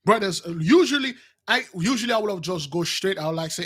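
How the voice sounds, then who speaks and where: A man's voice: high voice, brisk, slightly rough. A man telling a dramatic personal story to his listeners, acting out the quotes, with repeats and restarts. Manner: animated retelling with acted quotes, addresses "brothers"; non-standard grammar, repeats and restarts. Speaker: spiritual channel host.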